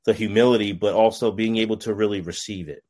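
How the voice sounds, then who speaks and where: A man's voice: on the low side, fairly even intonation, fast, darkish tone. A man hosting a podcast, telling stories in a casual, rambling way full of "I'm like" asides before asking a long-winded question. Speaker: podcast host. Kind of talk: casual conversational interview.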